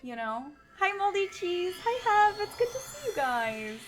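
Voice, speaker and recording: A woman's voice: extremely high pitch, very animated, measured pace, soft background music. A woman streaming a game, chatting casually with her viewers and thinking aloud, nursing a slightly sore throat. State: sore throat, sipping tea. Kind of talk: casual game livestream chat.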